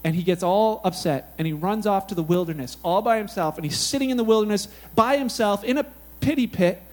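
A man preaching a sermon in a casual, animated, conversational way, telling Bible stories with lots of "like" and "you know". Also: high-pitched, a little fast. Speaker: pastor.

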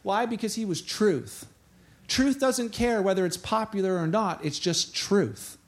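A man with a high voice delivers a sermon, retelling scripture with animated storytelling. He jumps into the voices of the people in the story as he goes. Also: moderate pace. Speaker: pastor.

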